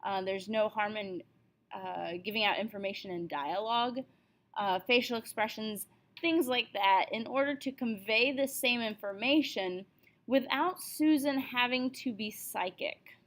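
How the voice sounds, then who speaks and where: A woman with a fairly high voice gives a writing lesson. She explains things patiently, step by step, with the odd "uh", and now and then reads a short example passage aloud. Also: a little slow, a bit bright. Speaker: writing teacher.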